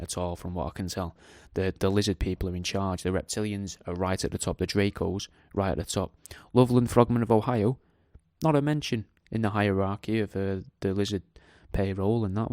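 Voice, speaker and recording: A man's voice: fairly low pitch, darkish tone, no echo, studio quality. A middle-aged man hosts a radio show, rambling in a jokey, crude, digressive way and tagging questions onto his lines. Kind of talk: casual rambling monologue.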